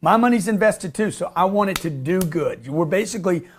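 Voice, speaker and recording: High-voiced, fired-up man hosting a call-in show. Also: a little hiss or hum. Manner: fast, animated sales pitch, acts out conversations. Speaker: radio show host. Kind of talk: call-in radio talk.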